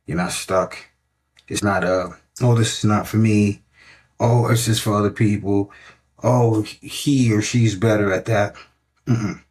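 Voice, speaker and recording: Husky low-voiced male fitness coach. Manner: emphatic and repetitive, keeps checking in with "right?". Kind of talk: motivational podcast talk.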